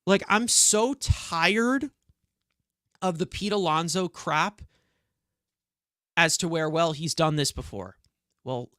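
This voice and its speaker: Heated sports reaction comes from a New York–accented man co-hosting a podcast, who swears and rants to air his frustration. His slightly high voice sounds pushed and bright, recorded dry with clean studio sound.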